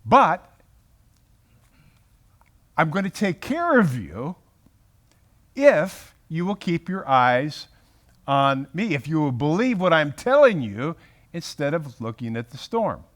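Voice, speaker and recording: A man leads a Bible study in a room full of people, speaking slowly and with animation. His pitch sits on the high side and swings widely. He often breaks off and restarts his sentences. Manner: animated, self-interrupting, acts out quotes. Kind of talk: Bible teaching talk. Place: room with a group.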